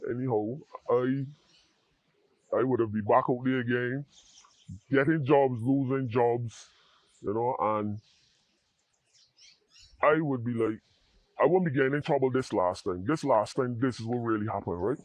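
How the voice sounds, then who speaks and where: A man speaks in a dry, close voice with an earnest, halting delivery. He often restarts and repeats words as he works through a personal testimony. His pitch sits in an ordinary middle range for a man. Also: dry recording. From Barbados. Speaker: interview guest in addiction recovery.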